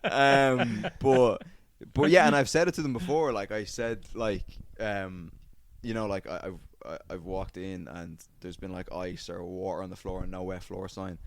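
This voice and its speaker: A man's voice: deep voice, steady tone, normal speed, few pauses. A man on a podcast telling a story in casual chat, swearing often and acting out what people said. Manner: swears a lot, acts out quotes in a raised voice. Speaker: podcast co-host.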